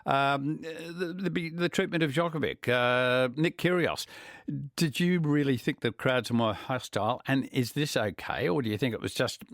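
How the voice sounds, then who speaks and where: A middle-aged Australian man hosting talkback radio, opinionated and animated, often stammering over his restarts. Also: mid-range voice, normal speed, no room sound, clean studio sound. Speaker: radio host. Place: radio studio. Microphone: studio microphone.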